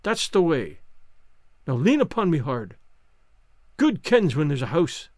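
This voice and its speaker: Man doing Highland swordsman, broad Scots, emotional, lively pitch. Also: unhurried, no room sound, studio quality. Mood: tender. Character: proud Highland Scottish swordsman, grown man. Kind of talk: audiobook character voice.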